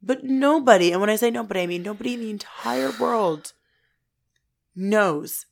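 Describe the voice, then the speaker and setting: A woman in her twenties co-hosting a podcast, chatting in an excitable, ranting way and swearing a lot. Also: medium pitch, moderate pace, gravelly. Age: 20s. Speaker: podcast co-host. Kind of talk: casual chat.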